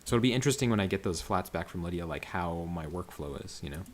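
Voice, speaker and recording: A man's voice: sits low, animated, fast talker, slight background noise. A man coloring comics on a livestream, talking casually about his process in a rambling way full of fillers and restarts. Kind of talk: casual livestream commentary while working.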